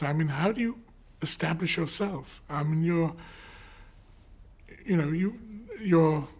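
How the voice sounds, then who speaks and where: A man's voice: a little high, darkish tone, husky. A man speaking as an interview guest, reflective and hesitant, with many fillers and restarts.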